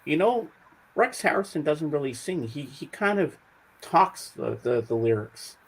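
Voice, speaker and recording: A man's voice: on the high side, very animated, unhurried, vocal fry, slightly rough, rough recording. A man co-hosting a casual chat, upbeat and talkative, eager to share favorites. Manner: upbeat, chatty, bursts into song snippets. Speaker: regular co-host.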